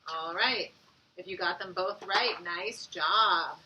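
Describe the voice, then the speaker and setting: A woman teacher giving an online phonics lesson to young children. She speaks encouragingly and sounds words out slowly. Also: fairly low pitch, recorded from a distance, dull audio, background noise.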